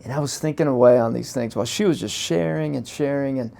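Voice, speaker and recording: Gravelly-voiced male podcast host. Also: medium pitch, fast talker. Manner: warm storytelling, affirming listener. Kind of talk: conversational interview.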